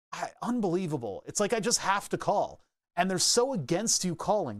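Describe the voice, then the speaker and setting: Rambling, self-mocking man, slightly high. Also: a little mellow, no room sound. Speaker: maker streaming his workbench. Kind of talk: casual chat.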